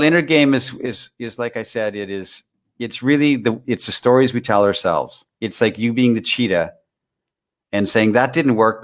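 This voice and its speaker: A man being interviewed about dating, talking casually, with many restarts and repeated words while he tells stories and gives advice. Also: lowish voice. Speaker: interview guest, dating author.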